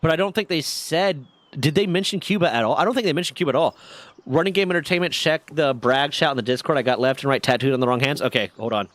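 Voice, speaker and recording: A man hosting a casual stream, chatting with a co-host and reading chat aloud, joking and rambling with quick asides. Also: fairly high pitch, fairly bright tone, no echo.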